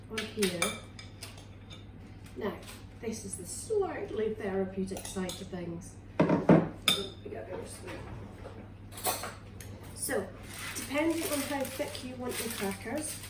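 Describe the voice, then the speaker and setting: A woman with a Scottish accent and a mid-range voice casually shows how to cook something in her home kitchen as a wellness vlogger. She chats and rambles, with fillers and restarts, over a noisy background. The recording is roomy and distant, with cutlery, dishes and pans clattering.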